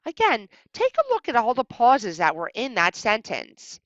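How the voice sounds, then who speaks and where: A woman teacher narrating a recorded slideshow lesson, speaking expressively and pausing clearly at each punctuation mark. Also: fairly high pitch, no echo, dull audio. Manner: expressive, exaggerated pauses at punctuation. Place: indoors at home.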